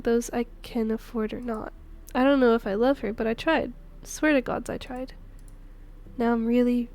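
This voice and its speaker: A woman's voice: on the high side, darkish tone, lightly acted. A woman voicing a desperate young single mother in a game, with self-pitying, resentful outbursts.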